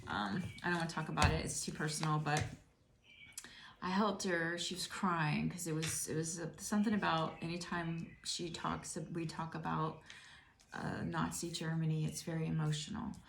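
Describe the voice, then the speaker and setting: A woman's voice: deep voice, moderate pace, vocal fry, a little hiss or hum. A middle-aged woman giving a casual tarot reading, musing and rambling as she speaks to the viewer. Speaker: tarot reader. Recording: roomy echo.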